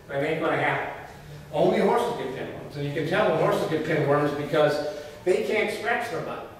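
A middle-aged man lectures a class in a folksy, colloquial manner, his voice pitched fairly high. He sounds far from the microphone, and the room rings with a long, echoing reverb. A faint hiss sits under the recording. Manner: folksy, animated storytelling, colloquial. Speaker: veterinary technology professor. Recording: echoey hall, voice from far off, faint noise.

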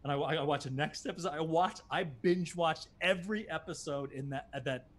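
An American man chatting as a guest over a video call, telling lively anecdotes with sudden exclamations. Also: on the high side, normal speed. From United States. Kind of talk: casual chat, storytelling.

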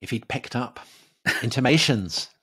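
A man's voice: mid-range voice, animated, measured pace, pushed and bright, slightly rough. An English man hosting a casual history podcast, telling stories with frequent laughs and fillers. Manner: chatty storyteller, laughs often, many fillers. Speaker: podcast host.

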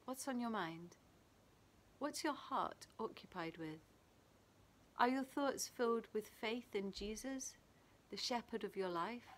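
A woman from England giving a gentle, reflective daily devotional, reading a passage and a prayer and adding her own thoughts. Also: on the high side, slow, a little hiss or hum. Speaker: church devotional leader. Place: small garden playhouse. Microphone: camera video.

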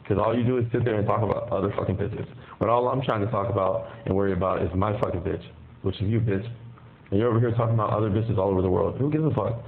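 A gravelly, low-pitched man rattles on fast and hard down a thin, tinny jail phone line with a light hiss behind him. He is profane and aggressive, and he makes threats in a heated argument. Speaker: inmate on a jail call.

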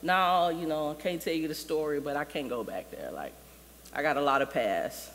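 A man's voice: on the high side, normal speed, a bit bright. Simba, a man doing a guilty young lion. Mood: reluctant. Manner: slangy, casual. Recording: long reverb of a church hall.

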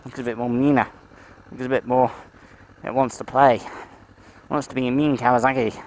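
A man's voice: mid-range voice, fairly even intonation, normal speed, a little mellow, slight background noise, low-quality recording. A man vlogging from his motorcycle, rambling and swearing as he rides through town. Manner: rambling, sweary, talks to himself and his bike. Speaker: motovlogger. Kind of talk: casual motovlog chat while riding.

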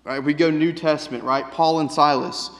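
A man's voice: on the high side, fairly even intonation, moderate pace, creaky. A man preaching a sermon in a casual, conversational way, often checking in with "right?". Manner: conversational, keeps asking "right?". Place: church sanctuary. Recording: long reverb of a church hall.

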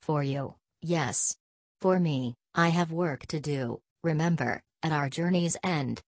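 A fussy, self-assured middle-aged detective, read by a woman, lecturing in precise, lofty phrases. The voice sits low, and the recording is close and dry. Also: slow pace, darkish tone, dry recording, heavily acted. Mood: grave. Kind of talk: audiobook character reading.

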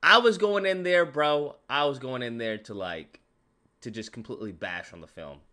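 A man casually reviewing a movie in an animated rant, slangy and repetitive, calling the listener "bro". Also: medium pitch, normal speed. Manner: animated, slangy, repeats himself, frequent "bro".

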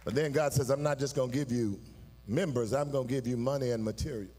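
A man preaching a sermon in a church. His delivery swings from low, confiding talk up to sung, shouted peaks, and he calls on the congregation to answer. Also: fast, soft background music, a faint crowd. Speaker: pastor. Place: church sanctuary. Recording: live in a church hall, long reverb.

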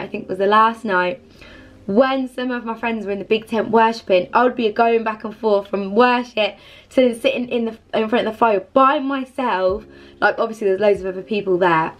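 Young woman vlogger, light high voice, effusive, loose casual chat. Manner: effusive, rambling, heavy use of "like". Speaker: Christian vlogger.

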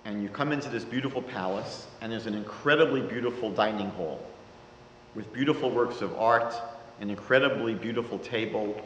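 A man, a rabbi giving a lecture, telling a story in a measured, dramatic way. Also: fairly low pitch, fairly bright tone, slight background noise. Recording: reverberant lecture hall.

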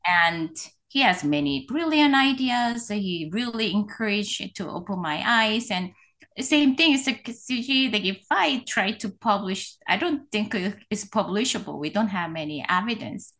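Animated woman guest telling a story. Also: mid-range voice, unhurried. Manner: animated storytelling, non-native phrasing with restarts. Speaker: guest, orthodontist. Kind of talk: conversational interview.

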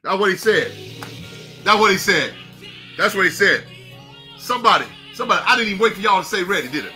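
High, bright-voiced fervent preacher man. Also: animated, fast talker, faint music behind. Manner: fervent, calls out to listeners by name, breaks into shouts and laughs. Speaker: pastor. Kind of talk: energetic devotional sermon.

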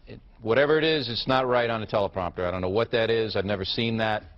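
A male news host in a studio outtake, flustered and irritable, breaking into angry yelling. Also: lowish voice, fast, lo-fi sound.

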